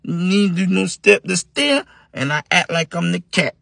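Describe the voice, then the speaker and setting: A man voicing a loud, childlike youngest brother with high, slow, broken speech. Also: expressive, creaky, no echo, clean studio sound, heavily acted. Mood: eager.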